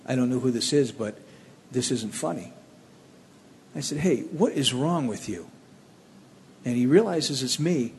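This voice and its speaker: A man from the Cleveland area tells his personal testimony, animated and plainspoken, with a middle-pitched voice. It is recorded in a roomy hall with a long reverb tail and faint ambience behind him. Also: unhurried, pauses often, a little hiss or hum. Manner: plainspoken, animated storytelling with restarts. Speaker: speaker telling his testimony.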